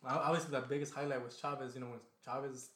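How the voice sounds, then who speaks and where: A man co-hosts a casual boxing podcast, chiming in with quick reactions and questions. His voice sounds roomy and echoey, as if recorded in a bare room. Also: mid-range voice, little pitch movement, fairly bright tone. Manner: reactive listener, short interjections and questions. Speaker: podcast co-host.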